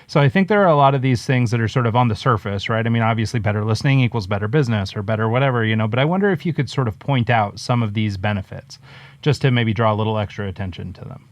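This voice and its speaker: A man's voice: lowish voice, fast talker, no echo. A man hosting a podcast, asking questions in a loose, casual way and hedging often. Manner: loose, hedging, with lots of "sort of". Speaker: podcast host. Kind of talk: casual interview chat.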